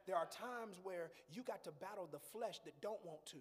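A man preaching a sermon as pastor, building to shouts and talking straight to the congregation. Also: sits high, normal speed, long reverb tail. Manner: preaching with rising shouts and call-and-response asides.

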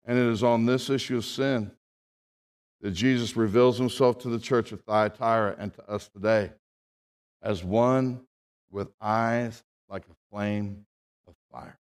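A man preaching a sermon as a pastor, with dramatic swings from hushed, low reading to loud, raised proclamation. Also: fairly even intonation, measured pace, clear, resonant tone. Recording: long hall reverb.

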